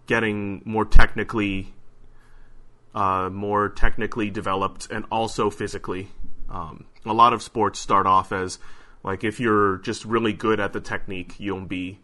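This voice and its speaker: A man's voice: lowish voice, pushed and bright. A man answering questions in a casual podcast chat, hesitant, with many fillers and restarts. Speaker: interview guest.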